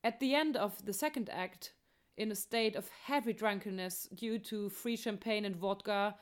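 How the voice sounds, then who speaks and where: A woman's voice: mid-range voice, normal speed, faint music behind. A woman walking through the plot of an operetta in a light, chatty tone, tossing in jokes along the way. Her voice sits in an ordinary middle range. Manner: chatty, joking asides. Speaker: opera plot explainer. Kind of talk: playful plot summary narration.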